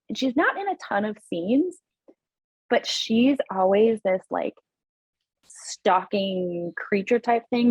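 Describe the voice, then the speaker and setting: A woman guesting on a podcast, chatting casually and with enthusiasm about writing. Her voice is somewhat husky at an ordinary pitch. The recording is dry and close. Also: a little mellow, no room sound. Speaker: podcast guest, horror writer. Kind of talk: casual chat.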